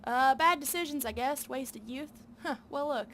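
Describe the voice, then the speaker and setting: A woman's voice: high-pitched, normal speed, fairly bright tone, slight background noise. A woman voicing a weary older male truck driver with a Southern drawl, reading game dialogue aloud.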